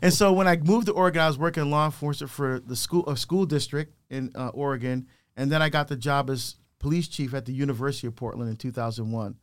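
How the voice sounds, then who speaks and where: A man's voice: medium pitch, quick pace, hardly any pauses, clean tone. A middle-aged man telling his life story animatedly as a guest, acting out voices of people he quotes. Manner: lively, acts out quoted voices. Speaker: deacon and guest speaker.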